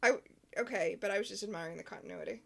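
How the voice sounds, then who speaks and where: A woman's voice: mid-range voice, very fast, gravelly, bright, forceful tone. A woman co-hosting a podcast, recapping a TV episode in casual chat with a wry, sarcastic edge. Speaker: podcast co-host.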